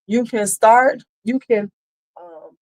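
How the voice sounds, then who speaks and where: A woman's voice: fairly high pitch, fairly even intonation, slow pace, darkish tone. A woman hosting a casual livestream, talking bluntly with some cursing and answering viewers' comments as they come in. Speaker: beauty channel host.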